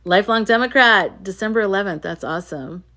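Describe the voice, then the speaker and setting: A woman's voice: mid-range voice, brisk, pushed and bright. A woman hosting a casual livestream, chatting and reading viewer comments in an emphatic way, often repeating herself. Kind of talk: casual live chat.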